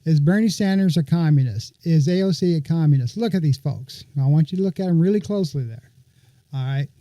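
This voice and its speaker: A man's voice: fairly high pitch, fairly quick, dark tone, dry recording. A man hosting a political podcast, talking his listeners through a topic in a conversational, sarcastic way. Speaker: podcast host. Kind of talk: political commentary.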